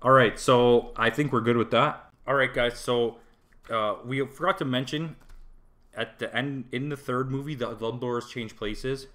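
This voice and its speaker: Bright-voiced ranting guy. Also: medium pitch, normal speed. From Toronto, Canada. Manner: animated, ranting, swears freely. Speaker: podcast co-host. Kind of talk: casual movie review chat.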